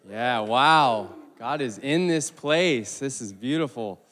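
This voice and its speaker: A man's voice: mid-range voice, takes it slowly. Man preaching in an echoing hall. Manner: animated, with stumbles and asides. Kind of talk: sermon. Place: church hall. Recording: long reverb of a large hall.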